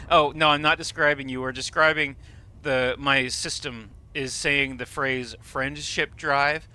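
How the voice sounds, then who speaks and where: A man's voice: medium pitch, fairly even intonation, measured pace, sharp tone, clear, resonant tone. A man streaming a game live, explaining what he sees with enthusiasm and casual swearing. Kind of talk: live gameplay commentary.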